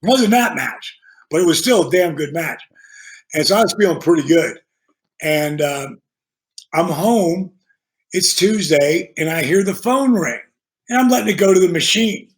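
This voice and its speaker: A man's voice: a little high, moderate pace. An older man, a podcast guest who wrestled professionally, telling stories in casual, profane chat. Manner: profane, animated storytelling with acted-out quotes.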